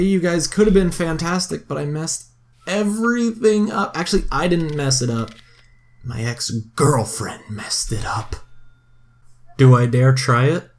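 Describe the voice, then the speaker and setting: A young man giving casual, chatty commentary on a game he is playing, excitable and often crying out in dismay. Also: fairly high pitch. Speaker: gaming video host.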